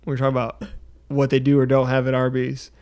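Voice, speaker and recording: A man co-hosting a podcast, joking dryly in casual banter and often halting with fillers. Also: medium pitch, monotone, a little mellow. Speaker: podcast co-host.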